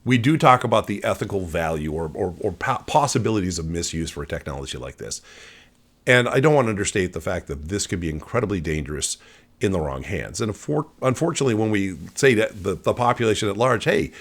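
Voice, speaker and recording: Male host, deep voice, earnest explainer tone, occasional stumbles. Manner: earnest, thoughtful, with restarts and stumbles. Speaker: tech video host. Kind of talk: casual explainer talk to camera.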